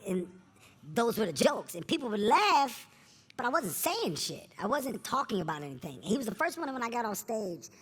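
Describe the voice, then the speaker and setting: A man telling candid stories in an interview as a comedian guest, earnest and animated, at a live event before an audience. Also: extremely high pitch, normal speed, husky.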